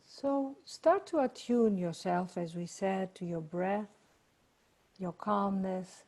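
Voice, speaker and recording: A woman leading a guided meditation and prayer over a video call, speaking in a slow, soothing way. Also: medium pitch, darkish tone. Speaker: workshop leader.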